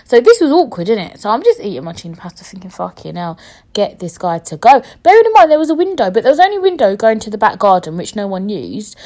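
A woman's voice: mid-range voice, very animated, fast talker, a little mellow. A young woman, hosting a podcast and telling a story in casual chat, blunt, swearing freely and laughing as she goes. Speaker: podcast host.

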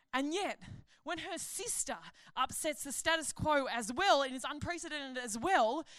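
A woman delivers a conference sermon in a high, bright voice. She talks in a chatty, animated way and jokes at her own expense. The sound is close and dry. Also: no echo. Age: adult. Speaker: conference speaker, pastor.

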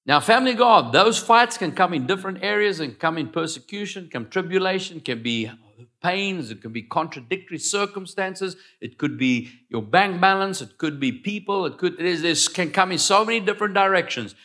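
A man preaching a sermon, swinging between loud declarations and quiet asides. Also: sits high, lively intonation, fairly quick. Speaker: pastor.

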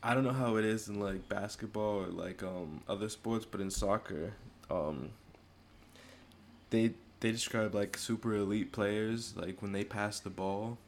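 A man's voice: fairly low pitch, a little slow, a little hiss or hum. A man hosting a casual podcast chat, talking in a loose, rambling way and laughing often. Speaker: podcast host.

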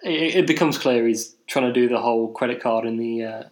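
A man's voice: mid-range voice, fairly quick. A man from England, co-hosting a podcast, telling a rambling, self-deprecating story in casual chat. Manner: self-deprecating, rambling, many fillers and restarts. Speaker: podcast co-host. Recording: roomy echo.

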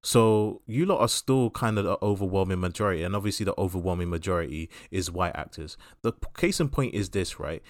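A British man with a fairly low voice argues his case firmly, pressing his opinions with conviction. The recording is dry and close. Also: no echo. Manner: firm, opinionated arguing. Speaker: podcast co-host. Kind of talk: casual film discussion.

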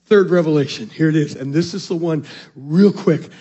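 A male pastor preaching a sermon, calling out to the congregation and swinging from shouted peaks to soft, low passages. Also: normal speed, lo-fi sound. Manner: calls out to the congregation.

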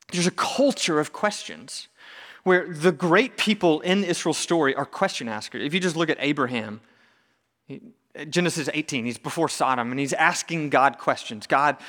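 A man preaching a sermon in a conversational, animated way with touches of humor. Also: a little high, moderate pace, in a large hall. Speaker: pastor.

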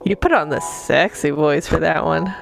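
A woman co-hosting a podcast in casual banter, playful and teasing, quick to laugh. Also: sits low, gravelly, over music. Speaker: podcast co-host.

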